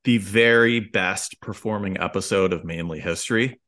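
A man's voice: sits low, moderate pace, a bit bright. A man from the Midwest hosting a history podcast, speaking thoughtfully in casual conversation with dry asides. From American Midwest. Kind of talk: casual chat.

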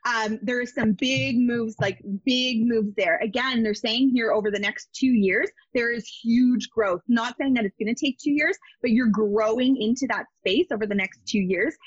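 A woman's voice: fairly high pitch, normal speed, few pauses, slightly rough, no echo, muffled recording. A woman giving a casual psychic reading as a guest, emphatic and repetitive, with many fillers, over a video call.

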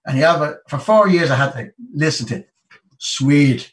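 An Irish man in his fifties, a guest telling a lively story in a casual way and acting out the people he quotes. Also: on the high side, fast, recorded from a distance, rough recording. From Ireland. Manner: lively anecdote-telling, acts out the people he quotes, many "you know"s.

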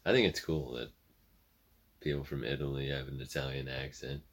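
A man's voice: a bass voice, fairly even intonation, moderate pace. A man co-hosting a casual podcast, laid-back and agreeable, answering in short lines and joking along. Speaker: podcast co-host. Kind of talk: casual chat.

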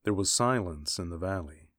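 A man reading a dramatic adventure story aloud in a measured, deliberate way. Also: low voice, lively intonation, fairly bright tone, no echo, clean studio sound. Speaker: narrator. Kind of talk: dramatic audiobook narration.

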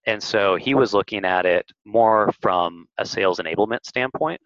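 A man, a marketing agency head, talking as an interview guest, telling lively stories and acting out quotes. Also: fairly low pitch, moderate pace, no echo, highs cut off. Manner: animated storyteller, acts out quotes. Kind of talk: casual interview talk.

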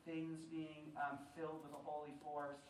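A man's voice: a little high, monotone, moderate pace, slight background noise. A man in his forties giving a conversational talk to a live audience in a large room, telling stories with wry humor. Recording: roomy hall, voice from some distance.

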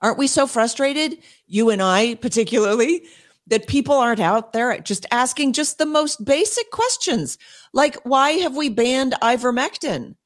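A woman speaking as an interview guest and homeschool advocate, emphatic and quick, with frequent laughs and restarts. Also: fairly high pitch, expressive. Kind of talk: passionate interview talk.

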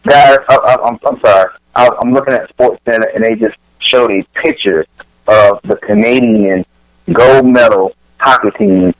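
A man's voice: medium pitch, normal speed, no room sound, poor audio. A man co-hosting a casual sports radio show, cracking playful jokes. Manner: joking, playful asides. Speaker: radio co-host.

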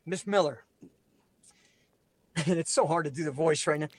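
A man in his forties telling a story in casual chat, animated and profane, laughing as he goes. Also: fairly high pitch, fast talker, breathy edge. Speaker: podcast guest storyteller.

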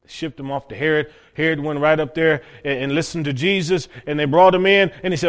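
A male preacher tells a story from the pulpit in a folksy, plain-spoken way. He swings between raised, emphatic passages and hushed ones, and his speaking voice sits a bit high for a man. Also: fairly even intonation, brisk, few pauses, clean tone. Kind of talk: sermon with storytelling.

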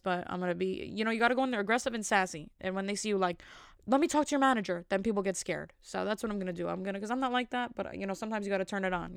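Woman, comic storytelling, rambling, sassy asides, smooth clear voice, dry close sound. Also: mid-range voice, no echo.

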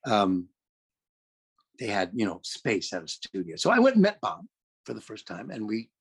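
This older California man's lowish voice is creaky and husky, swooping wildly in pitch at a normal speed. He rambles through a long, chatty story about his career, correcting himself as he goes.

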